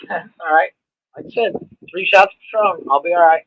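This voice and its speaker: A man's voice: high-pitched, normal speed, dry recording, phone-quality sound. A man co-hosting a casual podcast, joking around and laughing with profanity. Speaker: podcast co-host.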